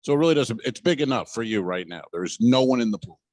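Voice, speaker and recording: A man's voice: mid-range voice, lively intonation, fast, darkish tone, no room sound. A man co-hosting a comedy podcast, rambling through a loose, profane story while out on a cruise ship's pool deck. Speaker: podcast co-host. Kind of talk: casual comedic chat.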